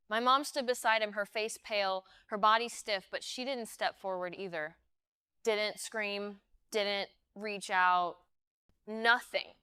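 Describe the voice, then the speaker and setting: Brief: woman storyteller, slow and dramatic, bright and very clear voice. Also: medium pitch, dry recording, studio quality. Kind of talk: scripted first-person story narration.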